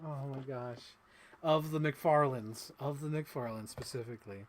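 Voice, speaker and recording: A man's voice: a little high, unhurried. A man chatting casually while unboxing toys on a livestream, tired and laughing, swearing now and then. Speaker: toy collector streamer.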